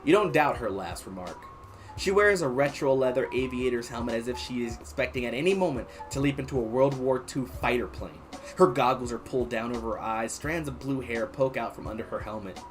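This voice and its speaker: A man streaming casually, reading an interactive story aloud and chatting to his viewers in an animated way. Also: medium pitch, fairly quick, faint music behind. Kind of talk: casual livestream read-aloud.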